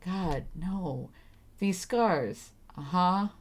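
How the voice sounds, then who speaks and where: Animated young woman reacting to a game. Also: fairly low pitch, drawn-out words. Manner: animated, laughs often, flustered reactions. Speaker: streamer. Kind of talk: live game commentary.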